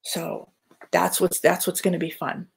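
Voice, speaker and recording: A woman's voice: on the low side, completely flat delivery, measured pace, vocal fry, breathy edge. A woman artist casually chatting on a livestream, rambling with lots of fillers and restarts. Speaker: artist hosting a live chat.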